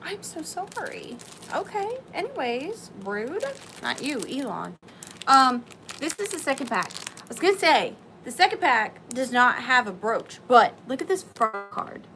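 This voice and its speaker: Woman, live sale host, chatty, excitable, higher voice, slow unhurried pace, faint background noise. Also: rough recording. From Southern US. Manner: chatty and excitable, talks to viewers by name. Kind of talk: live-stream sale chat.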